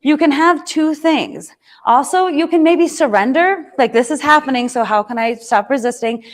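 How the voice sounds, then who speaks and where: Bubbly high-voiced woman telling a story. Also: moderate pace. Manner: animated storytelling, laughs often, acts out her own past lines; frequent tag "right?" and "like" fillers. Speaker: professional speaker. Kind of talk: keynote talk with personal story.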